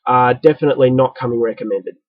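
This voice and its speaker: A man with an Australian accent giving an opinionated, casual spoken film review, often pausing on fillers and restarting his sentences. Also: mid-range voice, dry recording, narrow, tinny audio.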